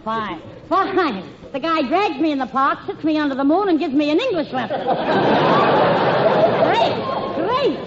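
A woman's voice: sits high, sing-song, unhurried, muffled recording, a loud crowd. A woman trading brash, slangy wisecracks in a 1940s radio comedy sketch. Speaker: comic guest. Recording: scratchy 1940s radio broadcast, loud audience.

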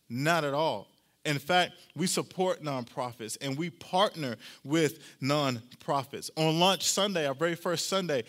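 A pastor, a man, preaching a sermon, repeating key phrases, slowing down to stress them, and often talking straight to the congregation. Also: fairly high pitch, fairly bright tone. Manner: addresses the congregation directly and often.

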